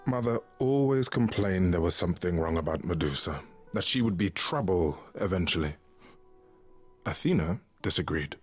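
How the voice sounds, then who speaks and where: An actor playing a gentle, grieving male god of love in a video game, speaking softly and calmly with a husky voice. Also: deep voice, moderate pace. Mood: calm, consoling. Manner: calm, consoling. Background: faint game music.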